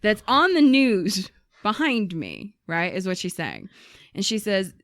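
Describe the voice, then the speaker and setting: A woman co-hosts a casual chat show, reading listener stories aloud and acting out the people in them. She talks in an animated, profane way, and her voice sits mid-range. The sound is dry and close. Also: medium pitch, a little slow, dry recording. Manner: animated storyteller, acts out quoted people, swears freely. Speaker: podcast co-host.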